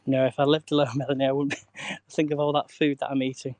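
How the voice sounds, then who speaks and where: A man talks easily to his live-stream viewers as he walks a canal towpath outdoors. His voice sits in an ordinary middle pitch, and he greets people by name and chuckles often. It sounds like a phone held up while he walks. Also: level tone, fast, a little mellow. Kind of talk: casual live-stream chat while walking.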